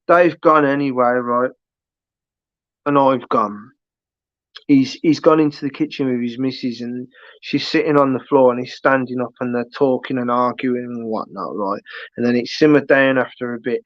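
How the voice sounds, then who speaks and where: Brummie guy on a stream, kinda high voice, rambling story w lots of restarts, dull dry audio. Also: little pitch movement, normal speed, dry recording. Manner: rambling anecdote full of restarts and asides. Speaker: livestream host. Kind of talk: casual storytelling chat.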